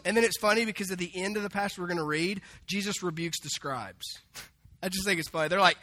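Male pastor, high bright voice, lively storytelling sermon with playful acted-out quotes. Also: a little fast. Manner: animated, acts out quoted voices with humor.

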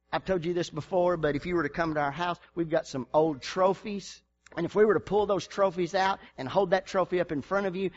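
High-pitched male pastor, sermon delivery from hushed to shouting, dull lo-fi church recording. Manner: preaching with big swings from hushed to shouting. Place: church sanctuary.

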